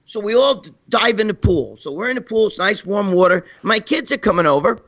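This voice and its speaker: A man's voice: sits high, expressive, fairly quick, a bit bright, dull audio. A man telling crude comic stories, profane and rambling, laughing as he goes. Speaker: guest storyteller.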